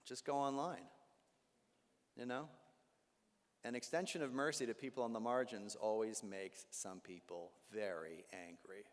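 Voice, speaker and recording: A man, a Jesuit priest, giving a talk to a live audience with animated storytelling, humor and asides. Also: on the low side, unhurried. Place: large hall with live audience. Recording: long hall reverb.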